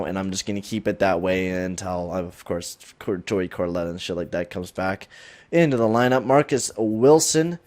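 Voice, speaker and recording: A young gaming host with a slightly low voice, chatting his way through a sports video game. His talk wanders, is full of swearing, and keeps jumping into hyped bursts. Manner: rambling, swears often, hype bursts. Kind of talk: casual gameplay commentary.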